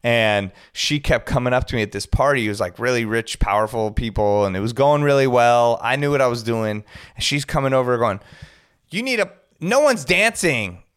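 Male DJ guest, smooth and clear, animated storyteller. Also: medium pitch, a little fast. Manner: animated, acts out quoted people in raised voices. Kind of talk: casual storytelling. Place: podcast studio.

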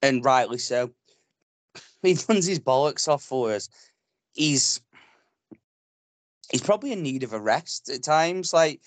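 A man's voice: medium pitch, no echo. Blunt, fired-up man. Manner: blunt, passionate, swears freely. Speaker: podcast co-host. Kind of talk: casual football podcast chat.

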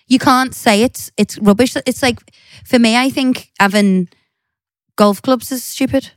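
Teasing higher-voiced woman, dry close mic. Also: a little slow, dry recording. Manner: teasing, mocking impressions. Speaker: podcast co-host. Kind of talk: casual banter.

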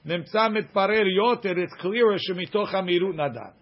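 A man teaching a Talmud class, reading passages aloud and quickly explaining them in English with everyday examples. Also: high voice, muffled recording.

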